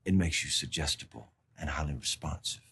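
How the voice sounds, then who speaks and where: An actor playing a crook who interrogates a captive with slow, mocking menace and quick impatience. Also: male voice, extremely low pitch, lively intonation, gravelly, fairly bright tone, husky, exaggerated voice. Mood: menacing.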